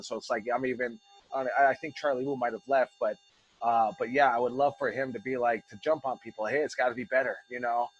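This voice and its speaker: The lo-fi recording captures a mid-range male voice coaching wrestlers remotely. As head coach, he talks casually in a rambling, heated style, swearing as he pleases.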